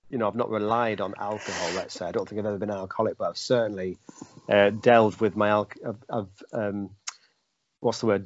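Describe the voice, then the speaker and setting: A man's voice: fairly low pitch, dry recording. A man who works as a comedian, chatting casually in a rambling, self-mocking, jokey way. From United Kingdom. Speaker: comedian guest. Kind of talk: casual podcast chat. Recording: dull lo-fi call audio.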